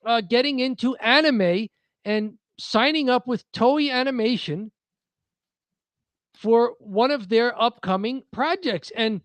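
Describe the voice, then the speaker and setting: A man's voice: extremely high pitch, takes it slowly, fairly bright tone, no room sound. A man co-hosting a wrestling podcast, reading news in a chatty, joking way with frequent restarts. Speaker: podcast co-host. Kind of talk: casual wrestling news chat.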